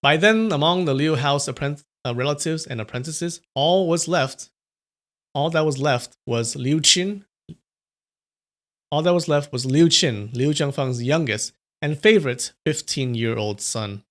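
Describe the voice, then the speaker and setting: A man reading a translated martial arts novel aloud on a livestream, steady, with small slips and corrections. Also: a little high, a little slow. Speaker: reader on a livestream.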